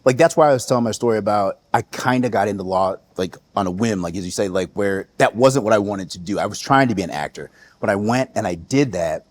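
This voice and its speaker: A man from the United States, a podcast guest, telling stories in a relaxed way and laughing often. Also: lowish voice, quick pace. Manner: relaxed, laughs often, quotes others in lively voices. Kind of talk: casual interview storytelling.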